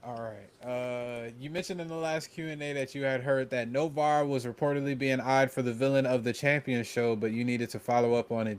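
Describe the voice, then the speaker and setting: Uomo che legge notizie in un podcast casual. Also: male voice, medium pitch. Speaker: podcast co-host. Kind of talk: casual podcast chat, reading out an article and Q&A.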